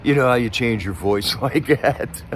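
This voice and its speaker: A man's voice: mid-range voice, normal speed, a little hiss or hum. A man hosting a live stream, chatting casually in a rambling, sarcastic way with many restarts.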